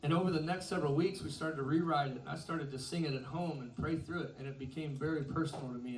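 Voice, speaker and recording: A man's voice: a little high, quick pace, hardly any pauses, far from the mic, a little hiss or hum. A man in his thirties, a band's singer, telling a self-deprecating story between songs at a concert, laughing often. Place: concert venue with an audience. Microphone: stage microphone through a PA. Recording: roomy concert sound from afar, music behind. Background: live band music.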